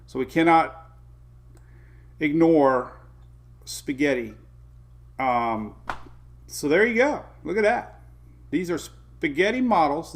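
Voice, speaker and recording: A middle-aged man with a voice on the high side hosts a casual morning weather livestream. He chats with viewers, greets them by name, and chuckles often.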